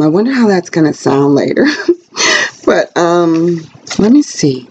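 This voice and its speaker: A woman giving a casual tarot reading, talking in a rambling, chatty way with quick pressured speech and a blunt, frank manner. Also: on the low side, animated, darkish tone, slight background noise. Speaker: tarot card reader. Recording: dull lo-fi recording.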